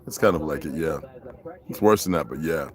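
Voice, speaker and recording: A man's voice: rumbling low, fairly quick. Profane, preachy male livestream ranter. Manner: greets viewers by name. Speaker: livestream host. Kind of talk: livestream rant.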